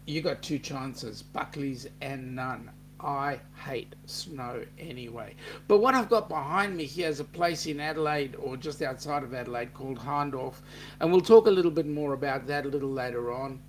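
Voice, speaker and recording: A man's voice: a little high, a bit bright, a little hiss or hum. A middle-aged Australian man hosting a casual livestream, joking and reading viewer comments aloud. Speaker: host.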